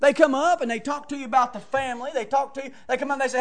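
A man preaching a fiery sermon, swinging from shouts to hushed tones in folksy phrasing. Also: extremely high pitch, fast talker, hardly any pauses. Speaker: pastor.

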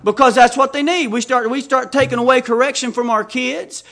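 Male preacher, very high voice, emphatic sermon delivery, scripture reading mixed with anecdotes. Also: steady tone, fairly quick, vocal fry, sharp tone. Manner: emphatic, reads scripture aloud and tells anecdotes.

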